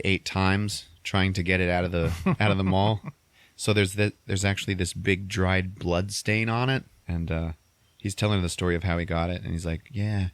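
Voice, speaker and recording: Laughing, swearing podcast host. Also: male voice, deep voice, no room sound. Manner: rambling, laughs often, swears casually. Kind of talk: casual comedic movie recap.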